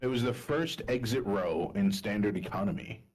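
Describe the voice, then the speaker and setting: Animated, foul-mouthed man chatting. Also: on the low side, normal speed, poor audio. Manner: animated, swears freely, laughs often. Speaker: podcast co-host. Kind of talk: casual banter.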